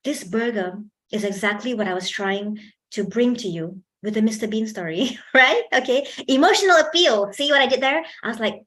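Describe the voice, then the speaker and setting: A woman leads a public speaking workshop for a live audience. She is animated, laughs often and keeps asking her listeners questions, speaking into a handheld microphone. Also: on the high side, normal speed.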